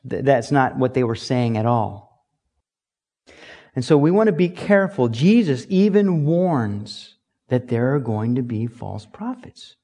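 A pastor giving a conversational sermon, repeating key phrases for emphasis. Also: male voice, mid-range voice, very animated, measured pace, mellow.

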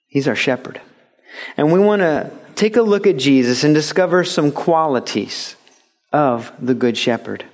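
Brief: male pastor, middle-aged, slightly higher voice, chatty but emphatic sermon delivery. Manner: conversational, emphatic preaching with acted quotes.

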